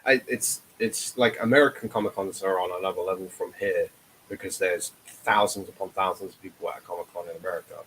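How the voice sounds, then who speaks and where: Low-voiced man explaining at length. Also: fairly even intonation, brisk, a bit bright, a little hiss or hum, poor audio. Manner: explanatory, rambling with restarts. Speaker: actor guest. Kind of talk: casual livestream chat.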